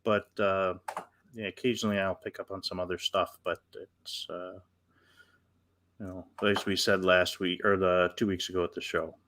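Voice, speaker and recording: A man's voice: deep voice, level tone, moderate pace, fairly bright tone, a little hiss or hum. A man with a Western New York accent co-hosting a live show, loose and joking, reading viewer comments with many ums and uhs. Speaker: co-host. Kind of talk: casual live-show chat.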